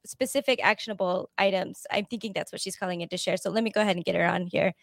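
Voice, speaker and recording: A woman's voice: medium pitch, fairly even intonation, fast, gravelly, no echo. A woman hosting a call-in show, talking in a slightly rambling, friendly way. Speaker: host.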